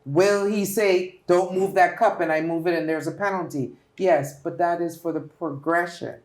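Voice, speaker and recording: A woman's voice: on the low side, fairly even intonation, moderate pace, darkish tone, reverberant. A woman politician from the Turks and Caicos Islands with a local accent, giving earnest, emphatic interview answers. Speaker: politician guest.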